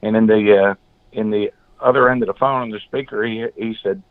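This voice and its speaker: A man guest in an interview, telling blunt, animated stories and acting out what others said. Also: fairly low pitch, fairly quick, no room sound. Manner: blunt, animated storyteller, acts out quotes. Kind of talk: storytelling in an interview. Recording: phone-like, dry call audio.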